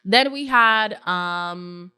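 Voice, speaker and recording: A woman hosting a casual recap podcast, opinionated and animated, often acting out what others said. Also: medium pitch, very slow, clear, resonant tone, no echo, studio quality, soft background music. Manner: opinionated, animated, acts out quotes in voices. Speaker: podcast host recapping a reality show.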